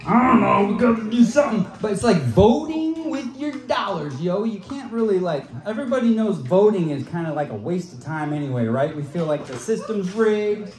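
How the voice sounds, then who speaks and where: Rambling high-voiced stand-up man, echoey room. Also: lively intonation, normal speed, few pauses, darkish tone. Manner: loose, meandering, swears a lot. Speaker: stand-up comedian. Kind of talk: rambling open-mic stand-up. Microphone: handheld stage microphone.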